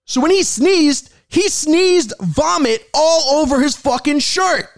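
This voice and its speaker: A man telling a casual story in a lively, animated way, cursing freely and acting out every exchange. His voice sits high and leaps around a lot. The recording is dry and close. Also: slow pace, no room sound. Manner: animated, profane, acts out dialogue. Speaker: rideshare driver.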